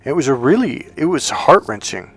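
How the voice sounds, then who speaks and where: A dating coach tells a personal story in a medium-pitched male voice, with faint music underneath. He rambles in a conversational way, circling back and restarting his sentences. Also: very animated, normal speed, vocal fry, husky, no echo.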